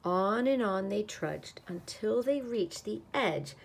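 A woman reads a picture book aloud in an expressive storytelling voice. She takes her time with dramatic pauses, and her mid-pitched voice has a gravelly edge. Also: slight background noise.

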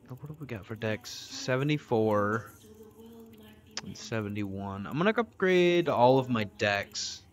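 Casting: a man, mid-pitched, foul-mouthed let's-play commentator, jokey and loose. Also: a little hiss or hum. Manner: crude, profane, jokey, talks back at the game. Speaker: gameplay streamer.

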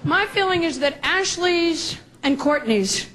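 A woman's voice: extremely high pitch, lively intonation, a little slow. A woman doing a stand-up routine on a club stage, chatty and sarcastic. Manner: chatty, conversational, sarcastic asides. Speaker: stand-up comedian. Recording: noisy club recording with audience.

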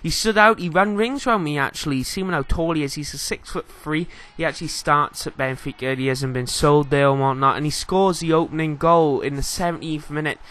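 A young Welsh-accented man talks through a football game in a casual, rambling voice-over. His voice sits a bit high and comes across bright and forceful. He fills gaps with ums and restarts. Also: a little fast, few pauses. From Wales. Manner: rambling, casual, filler-heavy. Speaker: gaming YouTuber.

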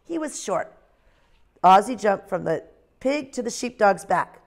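Kindergarten teacher lady, slow sing-songy, a bit of vocal fry, reading a picture book out loud. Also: mid-range voice, lively intonation. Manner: slow, sing-song, clear for small children. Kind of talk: phonics lesson and read-aloud.

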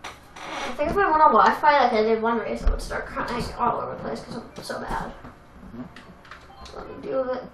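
A young woman casually commenting on a racing game she plays, chatty and self-deprecating, with excitable outbursts. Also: fairly high pitch, moderate pace, vocal fry, pauses often. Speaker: let's play gamer. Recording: echoey room with game music.

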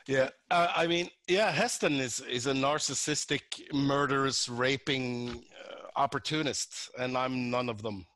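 A man from Norway, a guest actor chatting in an interview in a relaxed, halting way, often restarting. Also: mid-range voice. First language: Norwegian. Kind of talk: casual interview chat.

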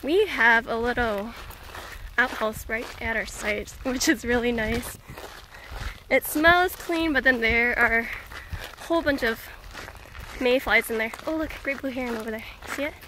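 Cheerful woman vlogger by a lake; high, unhurried voice, laughs easily, faint outdoor hiss. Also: pushed and bright. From Minnesota. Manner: chatty, laughs often, coaxes the dog. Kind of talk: casual travel vlog narration.

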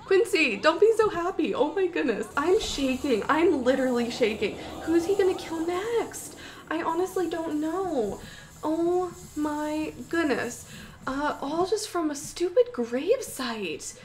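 A young woman with a high, bright-toned voice talks through gameplay in an excitable, panicky way, gasping and exclaiming. A faint hiss of noise sits under her voice. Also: measured pace. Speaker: gaming YouTuber. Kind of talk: gameplay commentary.

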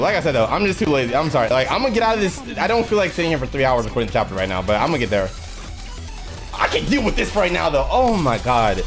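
A man hosting a reaction video from a home setup, talking into a headset. He is breathless and hyped, his pitch leaping up and down with every burst of excitement, while faint music plays underneath.

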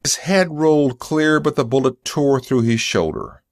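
A man reading a story aloud as a narrator for English learners, slowly and deliberately. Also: mid-range voice, dry recording, clean studio sound.

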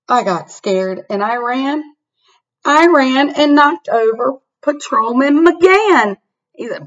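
Woman reading storybook to kids, very lively and slow, engaging, muffled webcam audio. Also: high-pitched. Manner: animated, asks the listener to find things. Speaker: storybook reader. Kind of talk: reading a picture book aloud to children. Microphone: laptop webcam.

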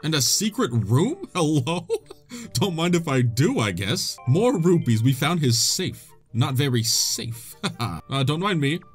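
A man giving excitable, jokey commentary while playing a video game, laughing often. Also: a little high, unhurried, slightly rough, faint music behind. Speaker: gaming video host. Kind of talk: let's play commentary.

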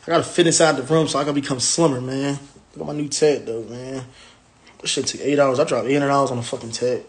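A man's voice: medium pitch, steady tone, fast. A man hosting a casual phone livestream, talking in a brash, profane and rambling way. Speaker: livestream host, rental car business owner.

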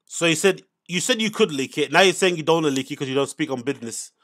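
A man's voice: a little high, animated, fast, a bit bright. A man hosting a casual commentary, reacting to podcast clips in an exasperated, sarcastic rant.

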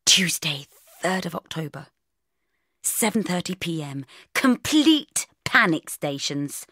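A woman reading a first-person novel aloud as an audiobook, with a lively, wry diary-style delivery. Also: sits low, no room sound, studio quality. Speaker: audiobook reader.

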